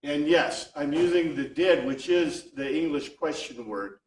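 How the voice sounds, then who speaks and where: Male Bible class teacher, slightly high voice, thinks aloud with restarts, recorded far off in a room with faint background noise. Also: measured pace. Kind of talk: informal Bible class lecture. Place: classroom with a small group. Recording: echoey room, speaker far from mic.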